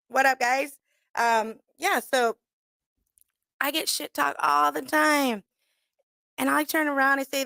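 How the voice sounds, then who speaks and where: A woman hosting a radio talk show, telling a candid story in a blunt, profane, animated way and acting out the voices of people she quotes. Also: high-pitched, vocal fry, no room sound. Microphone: studio microphone.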